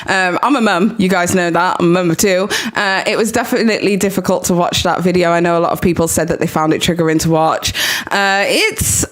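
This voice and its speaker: A woman hosting a commentary channel and talking casually, with frequent fillers and restarts. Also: lowish voice.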